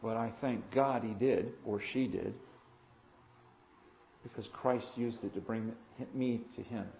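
A man preaching a sermon as pastor, swelling suddenly loud for emphasis and slowing to stress key words. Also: medium pitch, steady tone, creaky, roomy sound, muffled recording, slight background noise.

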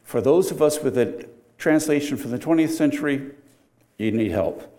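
An older man preaching a sermon with a mellow, warm voice at a middling pitch. He talks in a casual, conversational way. Now and then he swings up loud and high for emphasis. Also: normal speed. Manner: conversational, animated, with sudden loud emphatic rises.

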